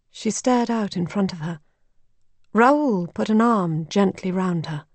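A woman narrating an audiobook in a measured, calm way, recorded close to the mic. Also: medium pitch, no echo.

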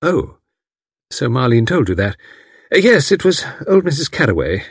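A man voicing a calm, competent middle-aged woman who talks cheerfully and comfortably. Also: mid-range voice, normal speed, breathy edge, no echo, studio quality. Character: calm competent matron of about fifty.

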